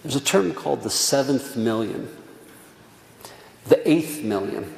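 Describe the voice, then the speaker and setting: A middle-aged rabbi delivers an earnest sermon with stories, his voice carrying a gravelly edge. He repeats words for emphasis and sometimes drops almost to a whisper. The sound comes from a long echoing synagogue hall with faint room noise. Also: mid-range voice, lively intonation, measured pace, pauses often, darkish tone. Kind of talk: Tisha B'Av sermon with stories.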